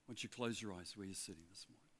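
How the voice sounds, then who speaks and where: An older man preaching a sermon to a congregation, telling stories with lively asides. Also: fairly low pitch, very fast, a little hiss or hum. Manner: animated, chatty storyteller with asides. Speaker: guest preacher, former pastor of the church. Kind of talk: sermon with personal storytelling. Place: church hall before a congregation.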